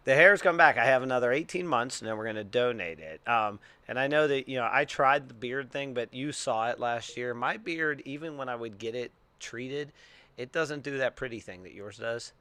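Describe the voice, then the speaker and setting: A man from Pittsburgh co-hosting a podcast, telling stories in a lively, animated way. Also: mid-range voice, moderate pace. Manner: animated storyteller, acts out voices. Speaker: podcast co-host. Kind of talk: casual podcast chat.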